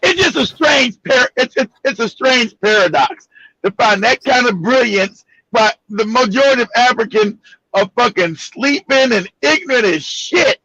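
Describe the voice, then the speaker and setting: A man's voice: very high voice, animated, moderate pace, pushed and bright, husky, no room sound, highs cut off. A man talking in a heated casual chat, emphatic and profane, often stammering and repeating words.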